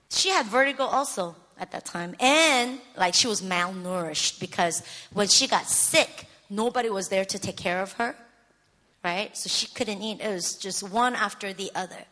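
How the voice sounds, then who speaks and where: A middle-aged woman preacher giving an emotional sermon testimony, swinging from hushed to shouting. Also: medium pitch, big-room sound.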